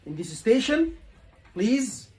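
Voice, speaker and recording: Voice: medium pitch, very animated, slow, a little mellow, low-quality recording. Emphatic tutor coaching a class. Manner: repetitive, emphatic coaching with rhetorical questions. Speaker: exam tutor. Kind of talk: live teaching session.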